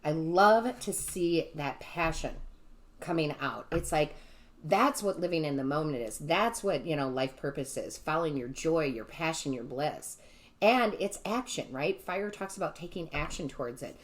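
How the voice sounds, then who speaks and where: A woman's voice: sits low, lively intonation, normal speed. A woman giving a casual tarot reading to her viewers. She gushes with enthusiasm and keeps asking "right?". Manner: gushing and enthusiastic, often asks "right?" and addresses viewers as "guys". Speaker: tarot reader and medium.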